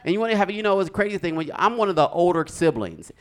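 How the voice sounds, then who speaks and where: Animated comedian guy on stage, voice bouncing all over, pop sound effects. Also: high-pitched, rapid-fire, smooth. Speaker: stand-up comedian. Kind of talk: stand-up comedy.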